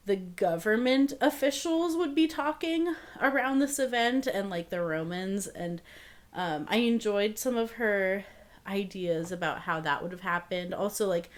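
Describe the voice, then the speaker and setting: A woman's voice: mid-range voice, lively intonation, unhurried. A young adult woman chatting casually about books at home, with many fillers and small laughs. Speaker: book vlogger. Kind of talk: casual book review chat.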